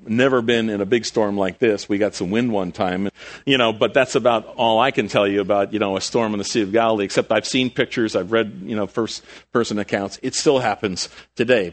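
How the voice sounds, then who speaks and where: A middle-aged man preaching a conversational sermon, with sudden rises in emphasis and quiet drops. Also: on the low side. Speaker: pastor.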